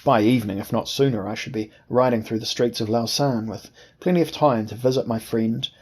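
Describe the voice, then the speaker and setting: A man reading an audiobook in a measured, formal first-person storytelling manner. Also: mid-range voice, fairly even intonation, a little mellow, a little hiss or hum. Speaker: audiobook narrator. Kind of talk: scripted first-person narration.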